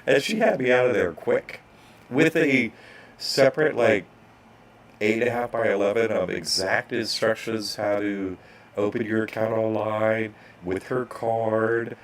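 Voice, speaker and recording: A man's voice: on the low side, steady tone, a little slow, slight background noise. A man casually telling a rambling story as an online course instructor, restarting sentences and acting out bank clerks.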